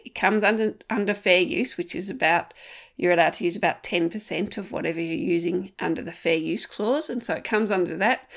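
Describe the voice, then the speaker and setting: A woman, a writer talking as a guest in a casual interview, animated and self-deprecating. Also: medium pitch.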